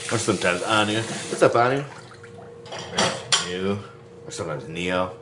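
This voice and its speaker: A man's voice: low voice, measured pace, heavy background noise. A man hosting a podcast, chatting casually in a goofy, joking way. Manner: goofy, joking, sing-song bits. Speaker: podcast host. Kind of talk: casual comedic chat.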